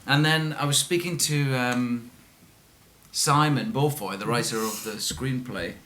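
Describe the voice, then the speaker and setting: A man's voice: mid-range voice, a little slow, bright, forceful tone. A Scottish man answering at a press conference, chatty and laughing often as he restarts his sentences. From Scotland.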